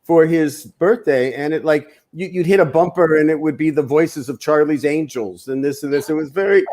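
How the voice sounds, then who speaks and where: A man co-hosting a casual chat, cutting in with quick banter. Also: a little high, darkish tone. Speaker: co-host.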